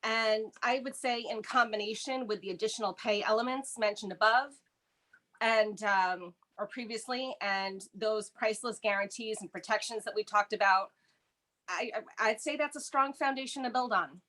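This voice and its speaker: A woman presents contract math to union members, taking each figure in turn. Her voice is bright and forceful, and she stays steady and methodical. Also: on the high side, moderate pace. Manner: methodical, talks through figures step by step. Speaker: union negotiating team presenter. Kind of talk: explanatory walkthrough of contract math.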